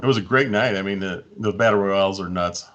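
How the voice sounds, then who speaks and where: A man guesting on a gaming podcast, with a somewhat low voice. He talks in a relaxed, rambling way, restarting his sentences as he tells a story. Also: fast talker, dull audio. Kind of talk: casual storytelling.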